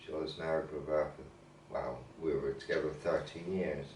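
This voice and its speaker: A man's voice: a bass voice, fairly even intonation, normal speed, darkish tone. A man co-hosting a podcast, musing casually and ending his points with tag questions. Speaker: podcast co-host. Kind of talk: casual chat. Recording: roomy echo, far from mic, faint hiss.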